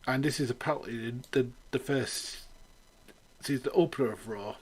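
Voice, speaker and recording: A man of middle pitch talks through a weekly wrestling review off the cuff. He rambles, restarts his sentences and drops sarcastic remarks, and he laughs at his own jokes. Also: normal speed, husky. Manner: rambling, sarcastic, with frequent fillers. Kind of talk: casual spoken review.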